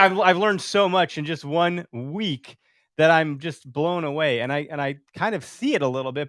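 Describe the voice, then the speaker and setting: A man in his thirties hosting a casual podcast chat, animated and profane, acting out other people's voices as he talks. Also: a little high, no room sound, clean studio sound. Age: 30s. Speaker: podcast host.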